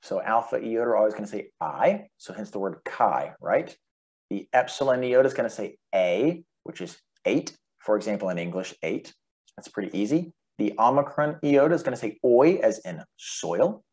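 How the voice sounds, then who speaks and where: A man giving a relaxed, chatty video lesson on the Greek alphabet, spelling out letters and their sounds. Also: lowish voice, moderate pace. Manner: sings the alphabet in a plain untrained voice. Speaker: Greek teacher.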